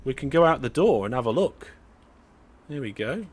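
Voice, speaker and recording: A man's voice: mid-range voice, lively intonation, normal speed, slightly rough. Chatty British man streaming a train game. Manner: chatty, talks to viewers while playing, frequent fillers and restarts. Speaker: streamer driving a train simulator. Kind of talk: casual live-stream commentary.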